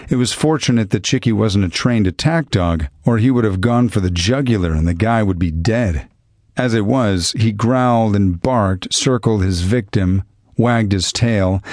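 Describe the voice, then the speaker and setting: A man narrating a novel in the first person as an audiobook, steady and wry, on a close studio mic. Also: fairly low pitch, no echo.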